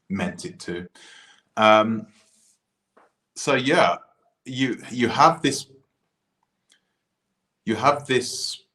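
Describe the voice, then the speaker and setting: Animated man in a roomy echo. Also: on the low side. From United Kingdom. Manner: animated, frequent restarts and asides. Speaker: commentator. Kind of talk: casual opinion monologue.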